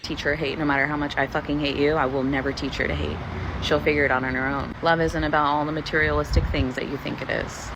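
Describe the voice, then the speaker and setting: A woman's voice: deep voice, little pitch movement, fast talker. A woman venting to the camera in a bitter, profane emotional monologue, recorded with noise and passing vehicles behind her. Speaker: person venting in a video clip.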